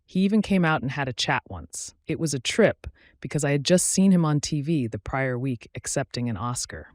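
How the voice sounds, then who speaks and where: Male narrator, mid-pitched, plain steady read, dry close sound, no room. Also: normal speed, no room sound. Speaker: story narrator. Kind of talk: scripted narration.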